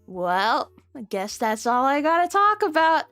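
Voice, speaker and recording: Young woman streamer, casual rambling chat, giggly and sweary, very lively pitch, dry close sound, faint music behind. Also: measured pace, hardly any pauses, dry recording. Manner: rambling, giggly, swears freely, swings into squeaky high bits.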